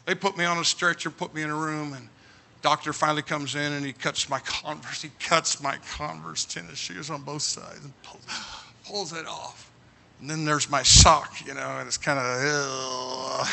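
A man preaching, telling a comic story with animated bursts of shouting. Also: on the high side, moderate pace, vocal fry. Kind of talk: humorous storytelling sermon.

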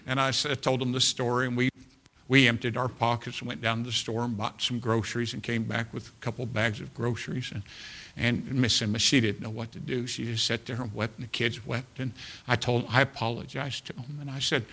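Guy preaching, bright sharp tone, folksy, keeps saying you know what. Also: mid-range voice, flat delivery, fairly quick. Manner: folksy, repeats "you know what", swings from soft to loud. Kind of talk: sermon with personal story.

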